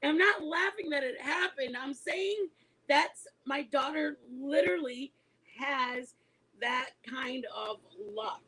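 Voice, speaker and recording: A woman in her forties, a mother, telling a story to her online viewers in a casual, animated way. She is emphatic and laughs often as she talks. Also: high voice, takes it slowly, rough recording. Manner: animated and emphatic, insisting she is not lying.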